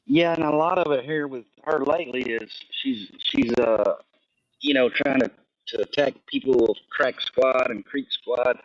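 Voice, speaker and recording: A man's voice: mid-range voice, unhurried, no room sound. A man joins a livestream as a guest and talks casually, repeating words as he feels his way. He sounds far from the mic, and the line is muffled and lo-fi. The sound is dry. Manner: repeats words while searching, hesitant. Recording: distant, dull lo-fi, dry.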